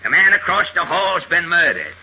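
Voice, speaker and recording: A man's voice: sits high, big pitch swings, moderate pace, sharp tone, slightly rough, exaggerated voice. A man voicing a boastful, bumbling police inspector who talks tough and slangy, in 1940s radio comedy style on a noisy old recording. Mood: blustering.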